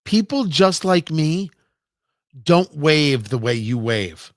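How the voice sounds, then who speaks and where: A man's voice: a little high, lively intonation, takes it slowly, no echo, studio quality. A man hosting a radio talk show, delivering a sarcastic, mocking opinion monologue with emphatic asides. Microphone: studio microphone, live-streamed show.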